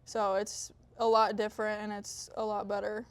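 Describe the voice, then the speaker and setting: Flat-voiced young woman athlete. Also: medium pitch, moderate pace. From Iowa. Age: young adult. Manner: brief, soft-spoken, uses "like" often. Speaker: college volleyball player. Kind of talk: interview answers.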